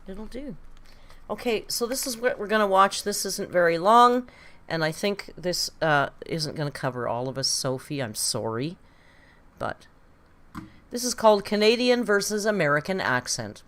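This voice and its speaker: A woman's voice: mid-range voice, expressive, moderate pace, fairly bright tone. A woman hosting a casual live-stream reaction, chatty and exclamatory with some swearing. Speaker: livestream reaction host.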